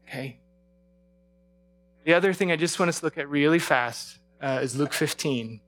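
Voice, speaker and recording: A man's voice: on the high side, normal speed, fairly bright tone, soft background music. Conversational preacher, a man asking questions. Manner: conversational, asks the audience questions. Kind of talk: sermon.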